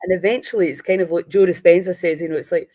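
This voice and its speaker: A woman's voice: on the low side, fairly even intonation, quick pace, dark tone. A woman hosting a casual conversation, earnest and repeating her points for emphasis. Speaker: host.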